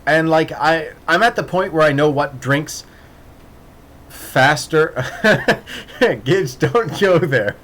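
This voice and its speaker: A man's voice: on the high side, slow pace, fairly bright tone. A man telling a casual, rambling story with many restarts and laughs, acting out voices in the quoted dialogue. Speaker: podcast host.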